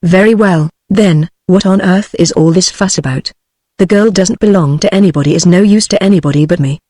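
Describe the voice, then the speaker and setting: A woman's voice: fairly low pitch, fairly quick, dark tone, no room sound, studio quality, lightly acted. A British English text-to-speech woman's voice reading the lines of a brusque, domineering male phonetics professor, in an overbearing, commanding manner. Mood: imperious.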